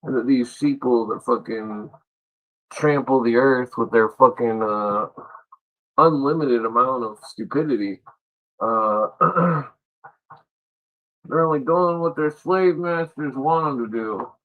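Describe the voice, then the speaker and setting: A man's voice: medium pitch, slow pace, long pauses, a bit bright, low-quality recording. A man hosting a livestream, delivering an angry, sarcastic political rant full of swearing. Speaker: livestream host.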